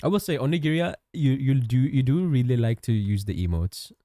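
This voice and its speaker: A man's voice: medium pitch, brisk, no echo. A man streaming while he draws, chatting casually with his chat and thanking viewers. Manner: chatty, thanks chat, lively ups and downs. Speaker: livestreamer and digital artist.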